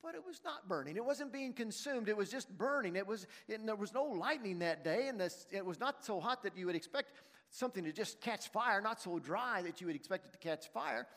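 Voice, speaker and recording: A man's voice: sits high, animated, a little fast, few pauses, a bit bright. A man preaching a sermon in a church, retelling a story and putting questions to his congregation. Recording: long reverb in a large hall.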